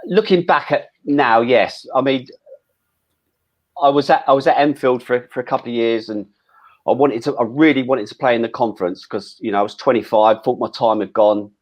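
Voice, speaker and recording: A man's voice: mid-range voice, normal speed, dull audio. A middle-aged man telling old football stories in an interview, chatty, with lots of restarts and casual swearing. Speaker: former footballer guest.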